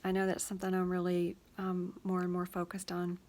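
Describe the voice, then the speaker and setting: A woman hosting her own show, gently thinking out loud in a casual, reflective way with many pauses and fillers, sometimes dropping to a soft whisper. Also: on the low side, monotone. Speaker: host of a personal reflection show.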